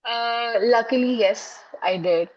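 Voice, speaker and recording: A woman's voice: fairly high pitch, takes it slowly. Earnest woman educator, dull lo-fi audio. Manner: earnest, explains through classroom stories. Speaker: psychologist and educator guest. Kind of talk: interview answers.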